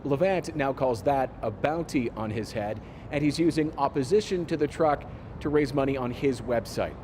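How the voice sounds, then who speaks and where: A male news reporter reads his report in an even, formal voice-over. A low rumble of outdoor noise sits faintly behind him. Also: moderate pace. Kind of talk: scripted news narration.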